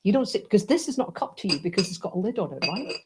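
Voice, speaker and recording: A woman teaching a Buddhist class, playful and animated, often checking in with "right?" and "yes?". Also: mid-range voice, racing, noisy background.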